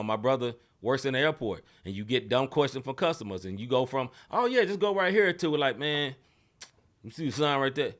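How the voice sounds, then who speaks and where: A young man co-hosting a casual sports podcast, animated and laughing often as he acts out quotes. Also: mid-range voice. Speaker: podcast co-host.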